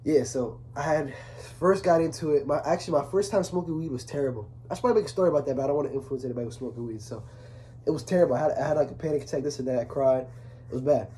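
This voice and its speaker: A young man talking casually to camera, earnest and rambling, full of restarts, growing softer when he speaks of his father. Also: a little high, very fast, slight background noise. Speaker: vlogger. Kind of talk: casual confessional talk to camera.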